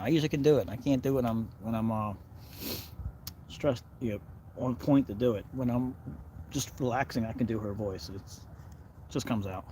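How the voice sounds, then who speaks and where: A man vlogging outdoors by the water on a cold day, chatting in a relaxed, rambling way and talking to his dog. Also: lowish voice, moderate pace, pauses often. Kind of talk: casual outdoor vlog chat. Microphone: handheld phone camera. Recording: outdoor phone recording with background noise.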